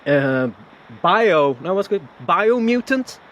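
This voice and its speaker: Guy voice actor telling a story on a call, fairly high voice, keeps restarting, animated. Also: slow, dull audio. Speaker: voice actor guest. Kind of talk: casual interview chat.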